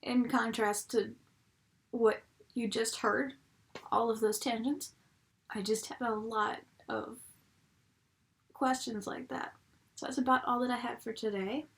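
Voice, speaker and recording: A woman's voice: fairly high pitch, steady tone, measured pace, creaky, pauses often. A young woman reviewing an episode in a casual, rambling way, full of tangents and sarcastic asides. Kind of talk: casual chat. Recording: audible background noise.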